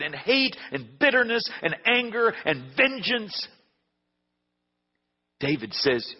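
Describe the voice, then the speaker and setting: A middle-aged male pastor preaching a sermon, telling a story and swinging between hushed and loud. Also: sits high, big pitch swings, unhurried, breathy edge. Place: church sanctuary. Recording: dull recording with long hall reverb.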